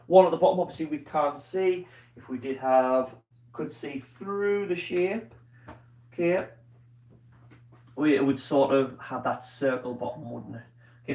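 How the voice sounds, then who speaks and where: Patient Scottish teacher in an echoey room. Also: male voice, fairly high pitch. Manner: patient, explains step by step with frequent "okay?". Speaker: primary school teacher. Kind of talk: live online maths lesson. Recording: dull, roomy sound from a distance.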